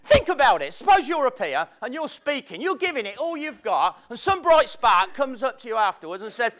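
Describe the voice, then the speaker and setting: A man's voice: very high voice, big pitch swings, brisk, hardly any pauses, fairly bright tone. A man giving a chatty, self-mocking motivational talk to a live audience, with spontaneous storytelling. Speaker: motivational speaker. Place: seminar room with audience. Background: audience laughter.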